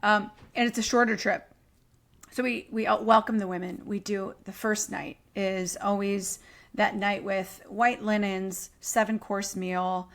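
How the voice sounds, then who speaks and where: A woman is a guest on a podcast interview. She has a mid-range voice with a gravelly, fry-laden texture and tells stories in a chatty, enthusiastic way. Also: mid-range voice, steady tone, a little slow.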